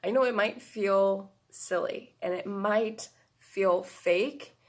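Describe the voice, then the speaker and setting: A woman's voice: mid-range voice, takes it slowly. An encouraging woman teaching self-help. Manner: relaxed, encouraging, with frequent "right?" and "um". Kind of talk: casual instructional talk.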